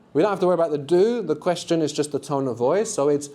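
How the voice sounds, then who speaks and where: Encouraging male language teacher, mellow voice. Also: a little high, lively intonation, fast talker, a little hiss or hum. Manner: encouraging, quizzes the group with frequent tag questions. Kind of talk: live workshop teaching. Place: classroom with students.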